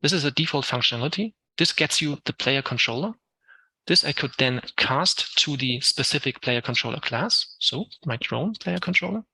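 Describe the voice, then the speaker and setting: A man's voice: mid-range voice, animated, normal speed, creaky, pushed and bright, breathy edge, no echo, poor audio. A man with a German accent, an Unreal Engine instructor giving a live tech talk, explaining step by step with frequent ums while answering questions.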